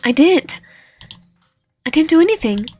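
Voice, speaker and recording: A woman voicing a lonely, broken young man in a game, halting and pleading. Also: high-pitched, expressive, a little mellow, pitched above the performer's own voice.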